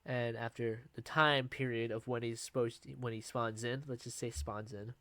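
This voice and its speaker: A man's voice: mid-range voice, level tone, normal speed, fairly bright tone, no room sound. A young man casually telling a personal story in a vlog, rambling and restarting as he goes. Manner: rambling, with fillers and restarts, laughing at himself. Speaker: vlogger.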